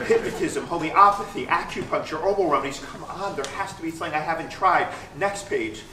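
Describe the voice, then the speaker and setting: A man performing a stand-up storytelling monologue on stage, animated and self-mocking, often repeating phrases. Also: on the high side, measured pace, crowd noise, noisy background. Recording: roomy stage sound, mic at a distance.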